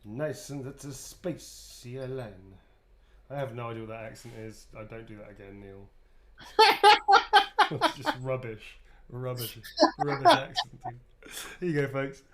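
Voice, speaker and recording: A man's voice: medium pitch, big pitch swings, moderate pace. Laughing, joking man on a livestream. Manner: joking, laughing, swearing freely. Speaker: actor signing autographs on a livestream. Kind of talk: casual livestream chat.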